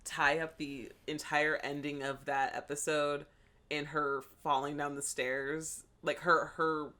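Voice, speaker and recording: A man co-hosting a podcast in casual chat, asking questions and reacting quickly. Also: a little high, flat delivery, bright, forceful tone. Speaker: podcast co-host.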